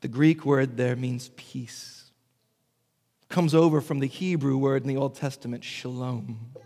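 A man preaching a sermon as pastor, moving between animated asides and hushed, slow emphasis. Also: medium pitch, in a large hall.

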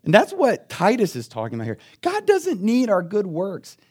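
A man preaching a sermon as pastor, telling stories in a conversational way and swinging between quiet asides and loud, emphatic bursts. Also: high-pitched, wildly swooping pitch, moderate pace, husky.

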